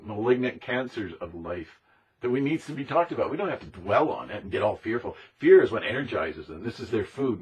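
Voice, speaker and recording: This conspiracy-topics speaker is a man whose husky, breathy voice stays in a normal middle pitch. He speaks with fervor and emphasis, says things over again, and at times mockingly imitates other people.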